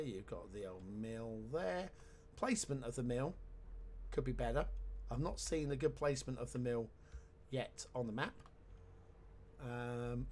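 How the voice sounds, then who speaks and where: A chatty man talking through a city-building game at a relaxed mid pitch. His commentary is casual and wry, full of sarcastic asides, over a faint hum of background noise. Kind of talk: casual let's-play commentary.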